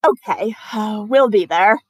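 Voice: mid-range voice, measured pace, no echo, pitched above the performer's own voice, natural voice. A player voicing a breezy, casual woman teammate answering a phone call in a tabletop role-play.

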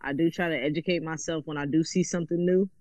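A man's voice: a little high, fairly even intonation, fast, a little mellow, dry recording. A man from California, a guest in a casual conversation, explaining his views thoughtfully and often saying "you know". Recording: dull, dry, slightly lo-fi sound.

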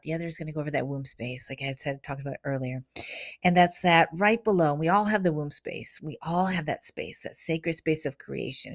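A woman podcast host leading a guided meditation in a soft, calming way, sometimes dropping to a near whisper. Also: deep voice, no room sound, studio quality. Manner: soft, slow, calming; repeats affirmations, dips into near whispers.

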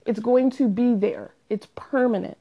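A woman talking casually to camera in a chatty, self-deprecating, animated way. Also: fairly high pitch, normal speed, dull audio. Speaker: vlogger. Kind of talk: confessional casual monologue.

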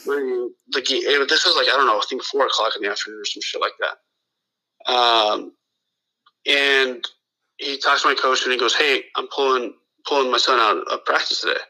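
Bright-voiced man telling a rambling story. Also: medium pitch, normal speed, poor audio. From Los Angeles area. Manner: rambling, profane, full of restarts and quoted dialogue. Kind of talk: casual storytelling.

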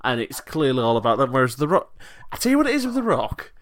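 A man in easy podcast chat, his voice sitting at an ordinary middle pitch. He loops around his points, restarting sentences and laughing along with his co-host. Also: sing-song, fast.

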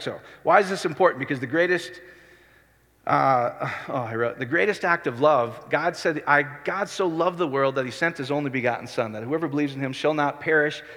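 A male pastor preaching a sermon in a conversational way, often rising to excited emphasis. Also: fairly high pitch, in a large hall.

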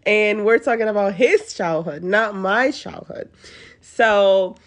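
A woman's voice: mid-range voice, takes it slowly. Giggly woman hosting a laid-back podcast, chatty. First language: Spanish. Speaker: podcast host. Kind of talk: casual podcast chat.

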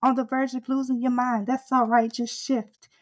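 A woman's voice: high-pitched, flat delivery, moderate pace. A woman preaching a sermon with fervent, rhythmic exhortation that builds in intensity through repeated refrains.

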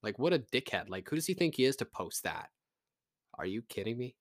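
A man's voice: mid-range voice, big pitch swings, fairly quick, no echo. A man voicing a scornful online critic in a sneering tone, in a dry room.

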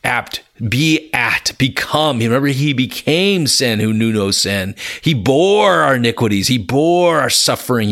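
A man giving an earnest devotional Bible teaching, speaking straight to the listener and rising to excited, emphatic peaks. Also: medium pitch. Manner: earnest, swells to excited exclamations, addresses listener as my friend.

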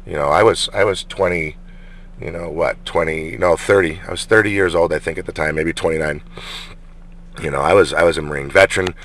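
Man, very low voice, middle-aged, rambling personal vlog, restarts and fillers, noisy car background. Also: fairly quick, a bit bright. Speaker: vlogger. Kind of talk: personal storytelling monologue.

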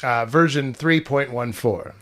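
A man voicing a single-minded male robot assassin, speaking in a flat, stiff manner that sometimes glitches into repeats. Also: mid-range voice, measured pace, lightly acted. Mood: deadpan. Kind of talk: improvised comedy podcast bit.

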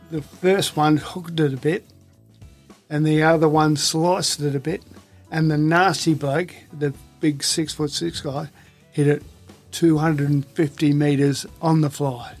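Slow, halting man. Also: fairly high pitch, level tone, a little mellow, soft background music. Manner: slow, halting delivery with restarts. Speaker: interview guest. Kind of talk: telling a joke in casual conversation.

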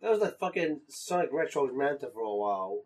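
A man's voice: mid-range voice, big pitch swings, brisk. A man in casual podcast chat, trading joking, profane banter.

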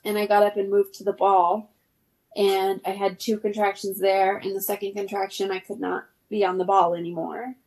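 A woman's voice: mid-range voice, level tone, normal speed, darkish tone. A woman in her thirties, a podcast guest telling a story in casual chat, laughing often and using many fillers.

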